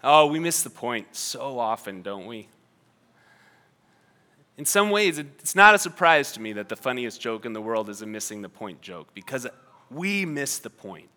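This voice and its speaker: Bright-voiced man preaching a sermon. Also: medium pitch, expressive, normal speed. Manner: conversational, emphatic preaching with playful asides. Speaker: pastor.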